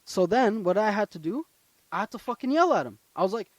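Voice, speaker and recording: A young man co-hosting a casual chat, spinning a story in an animated, profane way. His voice sits a little high. The sound is dry and close, with little room. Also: brisk, no room sound. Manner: animated storyteller, swears freely, swings between loud and quiet. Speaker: podcast co-host.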